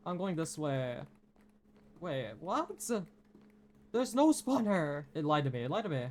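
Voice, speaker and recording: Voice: mid-range voice, very animated, measured pace, slight background noise. A streamer giving frantic live commentary during a game, swearing and mocking their own mistakes. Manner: frantic, swearing, self-deprecating outbursts. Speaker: streamer playing in a tournament.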